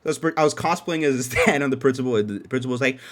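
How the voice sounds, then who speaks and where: A young man hosting a podcast from his dark room at home, telling a story in an animated, profane way and laughing often. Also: medium pitch, rapid-fire. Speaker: podcast host. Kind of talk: casual storytelling.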